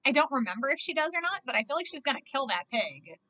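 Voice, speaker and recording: A woman with a high, sharp voice rattles off animated, profanity-heavy reactions to a film she is watching. She exclaims and laughs between her thoughts in loose, casual commentary. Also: quick pace, low-quality recording. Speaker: movie reaction vlogger.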